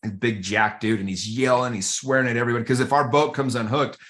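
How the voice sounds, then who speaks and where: A man who coaches a men's group, telling a story as a guest in a podcast interview, animated and conversational, often addressing the host by name. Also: mid-range voice, quick pace.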